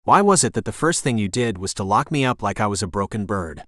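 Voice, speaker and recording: A man's voice: on the low side, lively intonation, fast talker, a bit bright, no echo, clean studio sound. A man voicing a hurt, strong-willed young woman in an audiobook, sounding frustrated and pleading. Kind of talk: audiobook character reading.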